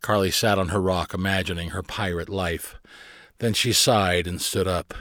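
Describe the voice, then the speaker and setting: A man narrating a children's storybook aloud with expressive, lively storytelling, close to the mic. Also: sits low, normal speed, no room sound. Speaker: audiobook narrator.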